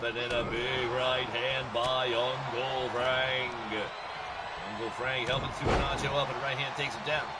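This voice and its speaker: A man doing joking, excitable solo play-by-play for a wrestling game show he hosts. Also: background noise. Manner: excitable, joking, shouts and jumps in pitch at big moments. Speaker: wrestling commentator and show host.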